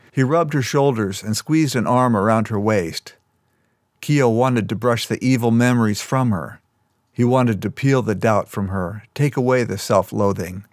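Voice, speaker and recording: A man reading scripted fiction aloud in a measured, even storytelling manner. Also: on the low side, dry recording, studio quality. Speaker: audiobook narrator.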